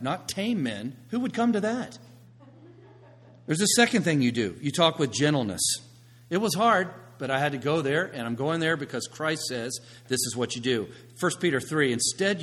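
A man preaching a sermon, swinging from hushed, quiet passages to loud, emphatic ones. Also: mid-range voice, lively intonation, normal speed, husky. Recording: long reverb of a large hall.

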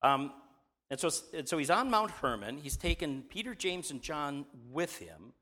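A man's voice: on the high side, very animated, moderate pace, bright, forceful tone. A man preaching, reading a scripture passage aloud and teaching from it, often asking his listeners questions. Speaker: pastor. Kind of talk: Bible reading and sermon teaching.

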